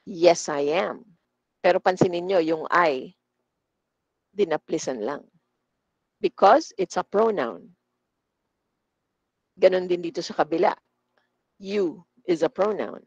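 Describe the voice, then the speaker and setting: A woman trainer with a Filipino accent, teaching an online class, mixing English and Tagalog and slowly demonstrating word stress. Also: lowish voice, lively intonation, vocal fry, darkish tone, slightly rough, no echo. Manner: switches between English and Tagalog. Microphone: video call. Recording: dull, dry video-call audio.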